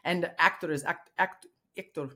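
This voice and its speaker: A woman's voice: fairly low pitch, steady tone, normal speed, bright, forceful tone. A woman co-hosting a podcast, chatting in a rambling way with many restarts. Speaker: podcast co-host. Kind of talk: casual chat.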